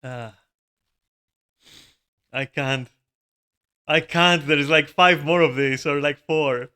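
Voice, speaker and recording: A man's voice: fairly high pitch, takes it slowly, sharp tone, clean tone. A man giving live gameplay commentary, swearing often, laughing and exclaiming in dismay. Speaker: gamer streaming a raid.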